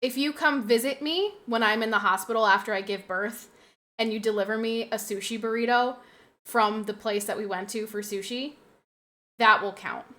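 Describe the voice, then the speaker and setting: A young woman chats casually on a live stream in a bright, ringing voice pitched a little high. She talks emotionally, doubles back on her own phrases and laughs often while answering her audience. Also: moderate pace. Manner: emotional, repeats phrases, laughs often, reads chat aloud.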